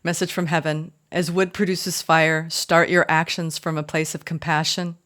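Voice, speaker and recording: Woman, tarot reader, low voice, emotional, choked up, effusive. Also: little pitch movement, normal speed, few pauses. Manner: warm, effusive, emotional, addresses viewers as y'all. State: choked up, tearful. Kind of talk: spiritual tarot reading.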